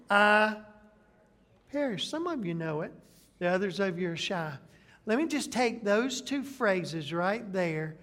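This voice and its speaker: A male pastor preaching a sermon, retelling a Bible story with animated, dramatic delivery. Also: high voice.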